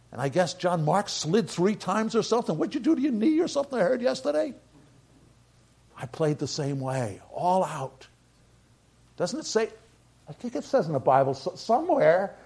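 Emphatic preacher with a raised pitch. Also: male voice, slightly rough. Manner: emphatic, swinging between loud bursts and quiet asides; repeats phrases for stress, quotes scripture and hymns. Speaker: pastor. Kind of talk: sermon.

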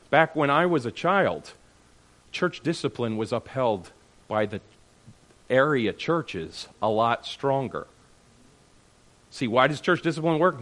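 A man's voice: fairly high pitch, fairly bright tone. Emphatic man leading a church discussion. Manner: emphatic, questioning the group with "all right?" and "okay?". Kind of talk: animated teaching talk to a group.

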